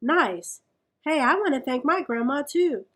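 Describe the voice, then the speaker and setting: A woman reading a storybook aloud, voicing an eager, chatty young rabbit in a bright voice. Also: high-pitched, lively intonation, a little slow.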